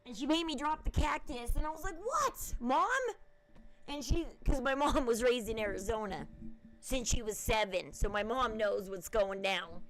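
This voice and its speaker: High-voiced chatty woman. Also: moderate pace, poor audio. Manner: chatty, meandering, emphatic. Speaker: channel host. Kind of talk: casual rambling chat to viewers.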